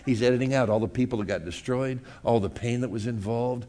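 A man preaching a sermon in a casual, conversational way, often asking the congregation questions, swinging from loud outbursts to hushed asides and acting out voices. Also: medium pitch, a little fast, hardly any pauses. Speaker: pastor.

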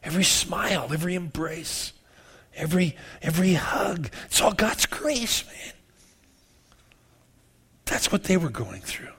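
Male pastor, 50s, preaching in church, self-mocking, loud to hushed, slightly high voice. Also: lively intonation, a little slow, pauses often, breathy edge. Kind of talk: sermon.

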